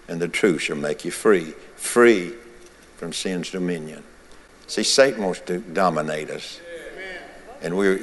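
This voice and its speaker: Low-voiced preacher in an echoing church. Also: male voice. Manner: repetitive preaching cadence. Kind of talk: sermon. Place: church sanctuary.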